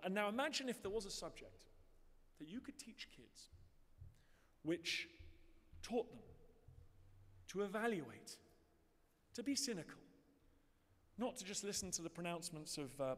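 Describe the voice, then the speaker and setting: A man with an English accent giving an earnest, emphatic speech directly to an audience in a large hall. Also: a little high. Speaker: conference speaker. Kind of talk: public speech. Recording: long hall reverb.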